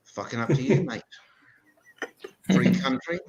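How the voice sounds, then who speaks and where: An English man working the room as a comedy MC, his voice swinging up and down with lively pitch. He talks with a sarcastic, deadpan bite and drops casual swearing into his asides. He sounds like a stage mic in a live comedy venue. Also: measured pace, long pauses, rough recording. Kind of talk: stand-up comedy hosting.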